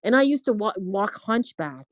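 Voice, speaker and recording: A woman's voice: mid-range voice, sing-song, moderate pace, no room sound. A woman in her forties giving an earnest, emotional faith testimony, now and then acting out the voices of people she quotes. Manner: earnest and preachy, quoting others in acted voices. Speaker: inspirational speaker.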